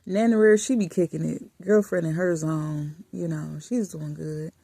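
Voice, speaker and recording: A woman vlogger chatting casually and affectionately while lying in bed in a dark room, often dropping to soft murmurs. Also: deep voice, fairly even intonation, normal speed, gravelly, no echo. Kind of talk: casual chat.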